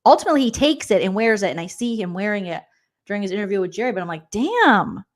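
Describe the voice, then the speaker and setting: A young adult woman comedian roasts a reality show in a rapid-fire, darkish, medium-pitched voice. Sarcastic and gossipy, she chats straight to her viewers and mock-quotes the people she mocks in put-on voices.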